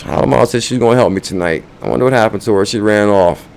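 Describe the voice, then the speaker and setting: A man's voice: on the low side, quick pace, creaky, slight background noise. A man hosting a crypto channel, chatting loosely with viewers, counting down names and urging likes and comments. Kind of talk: casual livestream chat.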